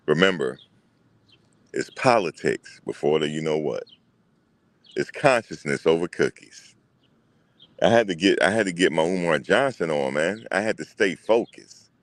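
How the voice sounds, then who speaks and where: A man hosting a casual livestream, talking back to his chat in an animated way and repeating what others said. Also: sits low, no echo. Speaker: livestream host.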